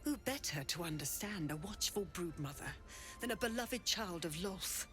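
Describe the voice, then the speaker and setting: An actress playing a proud, cold druid leader who speaks in haughty, commanding, clipped pronouncements. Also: female voice, fairly low pitch, expressive, normal speed, fairly bright tone, faint music behind.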